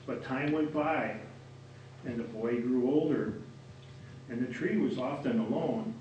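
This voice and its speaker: Man, storybook narration, steady measured reading, echoey room, distant mic. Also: mid-range voice, lo-fi sound, a little hiss or hum. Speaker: reader. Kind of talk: storybook narration read aloud.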